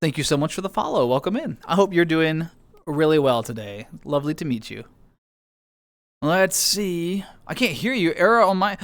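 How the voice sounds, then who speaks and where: A man's voice: on the high side, sing-song, moderate pace, dry recording. A tired man in casual live-stream chat, playfully greeting his viewers one by one and joking at his own expense. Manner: goofy, self-mocking. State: tired, lower energy. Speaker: livestreamer.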